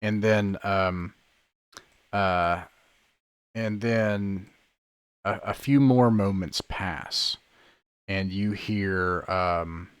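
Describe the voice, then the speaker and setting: A man narrating a tabletop game as game master, describing scenes in a halting way full of fillers over an online call. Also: low voice, clear, resonant tone, no echo. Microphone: online call microphone.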